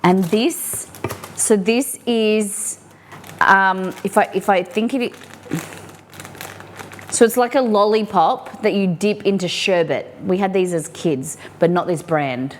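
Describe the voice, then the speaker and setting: An Australian woman hosts a casual live cooking stream from her home kitchen, chatting as she cooks, reading viewer comments aloud, and talking to her dog. Her voice is medium-pitched and unhurried, with slight background noise.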